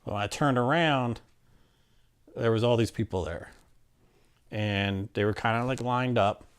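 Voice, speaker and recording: A man telling a personal story in a casual, animated way, with many fillers and restarts and acted-out quotes. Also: mid-range voice, a little slow, clear, resonant tone. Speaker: interviewee telling his story.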